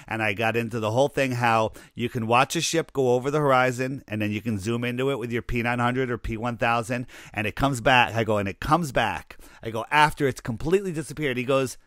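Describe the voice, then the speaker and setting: A man's voice: mid-range voice, brisk, fairly bright tone, no echo, studio quality. A man co-hosting a casual podcast chat, telling an anecdote and acting out the people in it. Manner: storytelling, acts out quoted people. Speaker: podcast co-host.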